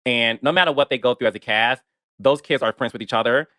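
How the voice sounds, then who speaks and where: A man's voice: mid-range voice, quick pace, dry recording, studio quality. A man interviewing a guest, candid and openly emotional, casual in his speech. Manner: warm-hearted, candid, emotional. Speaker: interviewer, producer. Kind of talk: interview chat.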